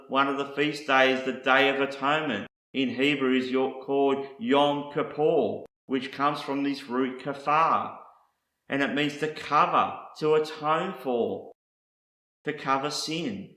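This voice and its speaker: A man teaching Bible word meanings in a deliberate, scripted way, setting out one meaning after another. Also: mid-range voice, pushed and bright, echoey room.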